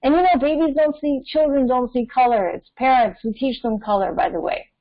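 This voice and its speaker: A woman's voice: sits high, brisk, noisy background. Rambling preachy woman, lo-fi audio. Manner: rambling, preachy, many fillers. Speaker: astrology channel host. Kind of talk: casual opinion monologue. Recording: dull lo-fi audio.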